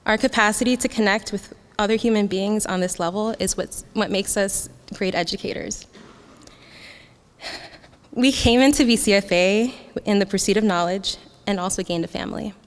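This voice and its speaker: Emotional woman giving a speech. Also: mid-range voice. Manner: heartfelt, laughs often, gets emotional. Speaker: graduating student speaker. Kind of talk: graduation speech. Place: graduation ceremony hall. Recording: long hall reverb.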